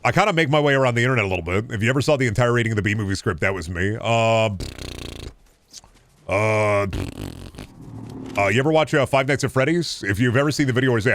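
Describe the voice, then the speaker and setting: A man with a deep voice streaming a game, chatting casually and swearing through quick asides, close to a studio microphone. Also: a bit bright, a little hiss or hum. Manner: chatty, profane, quick asides while playing. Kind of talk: casual gaming stream chat.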